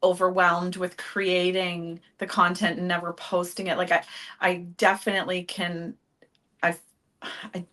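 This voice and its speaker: A woman's voice: fairly low pitch, level tone, unhurried, fairly bright tone. A woman guest on an interview podcast, talking in a chatty way with frequent laughs and restarts. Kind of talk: casual interview chat.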